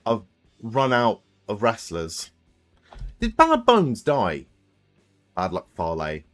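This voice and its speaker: Animated man hosting a live stream. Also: fairly low pitch, no echo, faint music behind. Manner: thinks aloud, swears freely, quick laughs. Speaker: watch-along stream host. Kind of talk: casual live stream chat, playing a guessing quiz with viewers.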